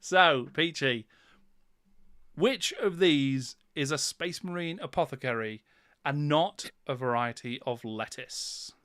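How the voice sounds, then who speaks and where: A man with a slightly raised voice hosts a relaxed online quiz. He teases the players and giggles between questions. The sound is dry and close to the mic. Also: a little high, takes it slowly, clear, resonant tone, dry recording. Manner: playful, giggly, teasing. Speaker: quiz host. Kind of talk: casual livestream quiz hosting.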